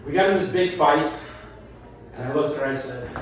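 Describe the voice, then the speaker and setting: Male stand-up comic, slightly high voice, roomy club sound, heard from a distance. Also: a little fast, pauses often, a little hiss or hum. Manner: self-deprecating, chatty, laughs at his own jokes. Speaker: stand-up comedian. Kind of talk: stand-up comedy set. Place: comedy club stage. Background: audience laughter and call-backs.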